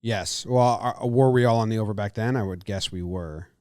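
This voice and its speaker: A man's voice: fairly low pitch, moderate pace, a little mellow, dry recording, studio quality. Joking man co-hosting a baseball talk show. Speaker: podcast co-host. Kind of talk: casual sports chat.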